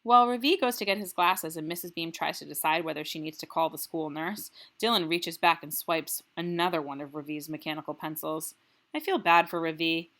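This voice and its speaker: A woman teacher reading a children's novel aloud and pausing to ask the class questions, checking in with "right?" as she goes. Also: low voice, fairly bright tone.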